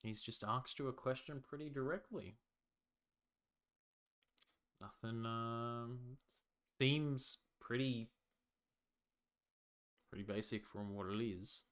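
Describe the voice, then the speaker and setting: A man's voice: mid-range voice, takes it slowly, pauses often, a bit bright. A man narrating a tabletop game as game master, talking loosely with many fillers. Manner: hesitant, loose, lots of fillers.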